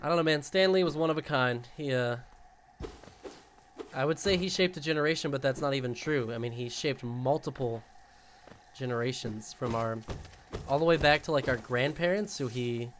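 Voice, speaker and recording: Excitable, foul-mouthed young male streamer. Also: on the high side, a little hiss or hum. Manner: excitable, swears freely, rambling asides. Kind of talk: casual gaming commentary.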